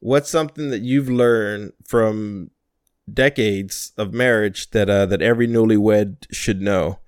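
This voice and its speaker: A man's voice: on the low side, unhurried, clear, resonant tone, dry recording, clean studio sound. A young man interviewing an older relative in a casual conversation, thoughtful and rambling as he retells stories.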